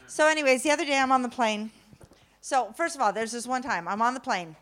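A middle-aged woman telling a funny personal story to an audience, animated and self-mocking, swinging from loud to hushed. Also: fairly high pitch, fast.

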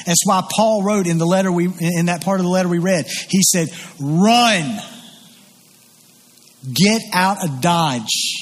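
A man's voice: on the high side, slightly rough, long reverb tail. A man preaching a sermon as pastor, earnest and emphatic, often restarting his sentences.

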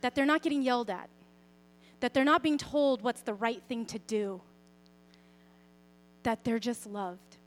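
A young woman giving a personal faith talk, speaking expressively and conversationally, often softening to a quiet, gentle tone. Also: fairly high pitch, measured pace, long pauses. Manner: conversational, with fillers and self-corrections. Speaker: Christian speaker sharing a parenting story.

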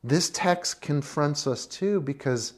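A preacher delivers a passionate sermon, swinging between hushed, intimate lines and loud, emphatic ones while addressing listeners as friends. The voice is medium-pitched, animated, and slow.

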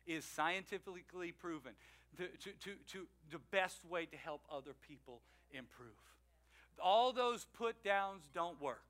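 A man preaching a sermon, swinging between loud emphatic lines and quiet asides, and acting out the people he quotes. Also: on the high side, measured pace. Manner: acts out quoted people in changed voices. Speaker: pastor.

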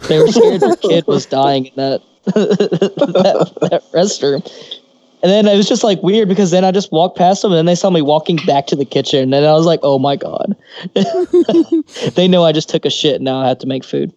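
A man with a fairly high voice tells crude stories on a podcast, laughing often and swearing freely. The sound is dry and a little muffled, like a home mic. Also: very animated, moderate pace, mellow, no room sound. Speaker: podcast co-host. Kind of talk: casual crude storytelling.

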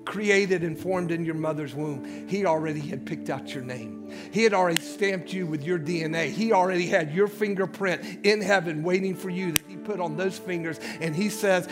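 A man's voice: high voice, expressive, moderate pace, over music. A man preaching a sermon as pastor in a church, emphatic, calling out to his congregation. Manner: emphatic call-and-response preaching. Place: church sanctuary.

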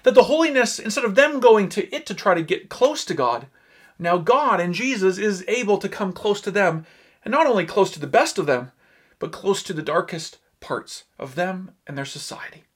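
A male pastor delivering a sermon in an earnest, emphatic way, pausing on key words. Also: sits high, animated, breathy edge.

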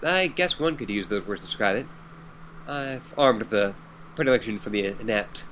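Dude reading a smart-mouthed teen girl, dry and wordy, bright crisp voice. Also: on the low side, lively intonation, normal speed, slight background noise, low-quality recording. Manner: dry, verbose, ironic. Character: wry, wordy teenage girl.

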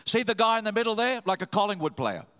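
Animated preacher man in a reverberant hall. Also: sits high, fast, smooth. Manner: animated storytelling with sudden loud rises. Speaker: pastor. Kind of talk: sermon.

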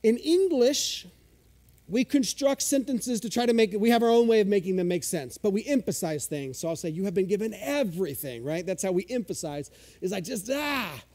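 A man's voice: sits high, lively intonation, moderate pace, warm tone. A male pastor preaching a sermon in a conversational, self-deprecating way, eagerly unpacking the original Greek words of scripture.

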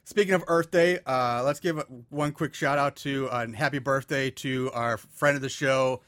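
A man's voice: mid-range voice, steady tone, moderate pace, fairly bright tone, dry recording. Rambling male podcast host, dry sound. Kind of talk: casual podcast chat.

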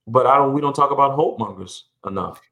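A man's voice: mid-range voice, fast, pushed and bright. A middle-aged man speaking earnestly as a podcast guest, often repeating and restarting words, his voice rising when he stresses a point. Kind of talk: reflective conversational interview.

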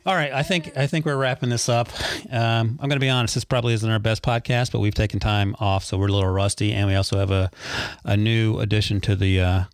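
Dad hosting a family podcast, dry jokey teasing, dead dry room. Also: male voice, on the low side, steady tone, fast, smooth, no echo. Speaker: podcast host interviewing his young sons. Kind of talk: casual family chat.

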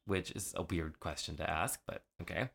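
A man's voice: sits low, normal speed, gravelly, fairly bright tone. A man co-hosting a podcast, recapping an episode in casual chat, rambling with many fillers and acting out lines. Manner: rambling, lots of "like" fillers, acts out quotes. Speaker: podcast co-host.

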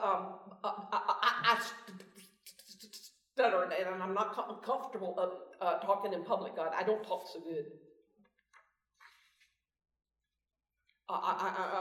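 A woman playing a stammering, reluctant Moses making excuses, with halting repeats, recorded in a roomy space away from the mic. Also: medium pitch, fairly even intonation, fairly bright tone, lightly acted. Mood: flustered.

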